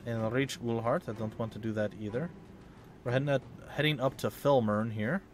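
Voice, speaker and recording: A man giving casual, rambling, self-mocking commentary while playing a video game at home. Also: mid-range voice. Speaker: let's play host.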